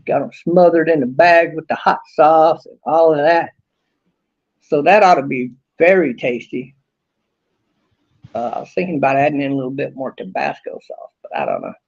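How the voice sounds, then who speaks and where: A man casually vlogging outdoors behind his house, rambling in a folksy way with drawn-out fillers. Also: on the high side, darkish tone, muffled recording.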